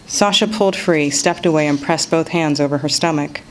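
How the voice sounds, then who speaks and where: A woman reading an excerpt of her own novel aloud in a measured storytelling manner. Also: low-pitched, slight background noise, rough recording. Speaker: author reading her work.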